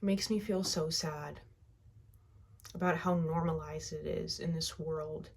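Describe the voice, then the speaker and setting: A woman guiding a tapping session, speaking slow, heartfelt first-person affirmations that trail off softly at the ends of phrases. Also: low-pitched, fairly even intonation, slightly rough. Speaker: EFT tapping guide.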